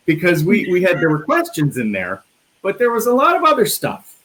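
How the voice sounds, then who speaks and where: A man's voice: high-pitched, huge pitch swings, a little fast, fairly bright tone, poor audio. A man from the Midwest hosting a casual live interview over a video call, chatty and joking, often restarting his phrases. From American Midwest. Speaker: interview host.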